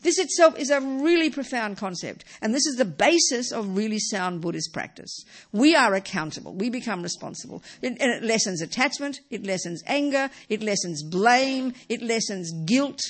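Her voice sits a little high and sounds animated, moving at a moderate pace. In this casual dharma talk, the woman teaches Buddhism emphatically, often tossing out tag questions and "you know" asides.

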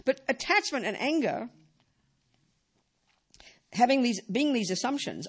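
A woman's voice: fairly high pitch, big pitch swings, takes it slowly, pauses often, husky. A woman teaching Buddhism in a talk, emphatic and full of rhetorical questions.

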